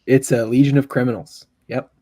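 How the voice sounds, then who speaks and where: A man author on a panel, pitching his book in a relaxed, joking way over a video call. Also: fairly quick, crowd noise. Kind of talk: casual panel chat.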